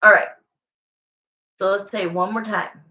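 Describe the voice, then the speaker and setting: A woman chats her way through a casual livestream tarot reading at an unhurried pace. She rambles, corrects herself and talks straight to the viewers. The sound is dull and lo-fi, like a home stream. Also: mid-range voice, fairly even intonation, sharp tone. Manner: chatty, rambling, self-correcting, answering viewers. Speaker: tarot reader.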